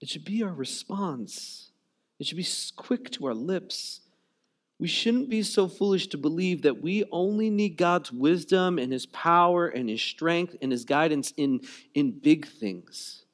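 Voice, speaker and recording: A man preaching as a pastor keeps things loose and conversational, repeating words as he searches for phrasing and frequently saying "you know" and "like." His voice is on the high side, expressive and a little slow.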